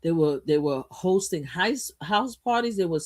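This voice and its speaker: A woman's voice: lowish voice, lively intonation, normal speed. A woman hosting a live stream who tells a story in a rambling, gossipy way, with swearing and frequent lost threads. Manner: rambling and gossipy, swears, loses her train of thought. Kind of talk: casual storytelling commentary.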